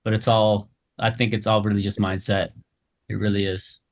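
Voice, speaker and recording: A man's voice: on the low side, flat delivery, moderate pace, gravelly. A man giving a colleague encouraging, loosely worded feedback over a video call. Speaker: fellow agent giving feedback. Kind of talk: casual peer feedback.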